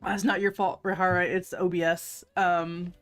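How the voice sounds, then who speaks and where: A woman's voice: on the low side, flat delivery, moderate pace, a bit bright. Chatty giggly woman streamer. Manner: chatty, giggly, greets chat by name. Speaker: livestream host. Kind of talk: casual livestream chat. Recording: faint music underneath.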